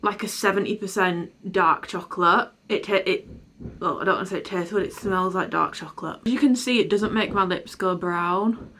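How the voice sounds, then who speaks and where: A woman's voice: mid-range voice, normal speed, sharp tone, a little hiss or hum. A young woman talking frankly and in a rambling, sweary way in a vlog. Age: young adult. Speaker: vlogger. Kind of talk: candid vlog chat.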